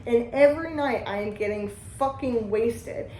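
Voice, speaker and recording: A woman's voice: a little high, moderate pace, mellow, recorded from a distance, a little hiss or hum. A woman hosting a recovery group talk, speaking bluntly and emphatically with heavy swearing. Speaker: host. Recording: echoey room.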